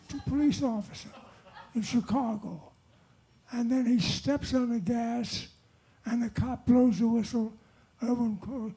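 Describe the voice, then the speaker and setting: An older man accepting an award on a nightclub stage, telling jokes in a halting, wandering way. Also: very high voice, fairly even intonation, gravelly, warm tone, slightly rough. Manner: halting and wandering, with lots of restarts. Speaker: award honoree. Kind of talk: rambling speech with told jokes.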